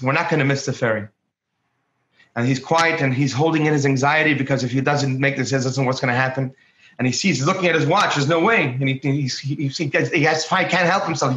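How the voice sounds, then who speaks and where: A man, a rabbi co-hosting, telling stories in casual conversation with many restarts, acting out the voices of the people in them. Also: mid-range voice. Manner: animated, acts out quoted voices, many restarts. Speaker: rabbi, co-host. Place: home, speaking remotely. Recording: roomy, dull lo-fi call audio.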